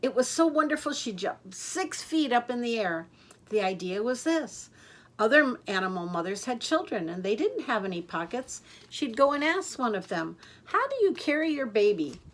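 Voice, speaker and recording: An older woman reading a children's picture book aloud in a lively, expressive way. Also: fairly high pitch, moderate pace. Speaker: storyteller. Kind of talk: children's story read-aloud.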